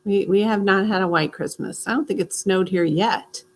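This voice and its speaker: A woman from Missouri hosting a casual group stream, easygoing and quick to laugh. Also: mid-range voice. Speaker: host.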